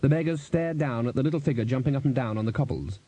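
Guy reading an audiobook, husky and mellow, steady storytelling, dry close mic. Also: medium pitch, quick pace, no room sound. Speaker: audiobook narrator. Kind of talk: audiobook reading with character voices.

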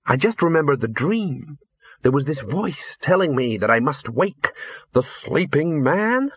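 A man's voice: fairly high pitch, very animated, measured pace, slightly rough, no room sound, dull audio, pitched above the performer's own voice, heavily acted. A man voicing a blunt, matter-of-fact young woman, raising his voice to a lighter tone. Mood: musing.

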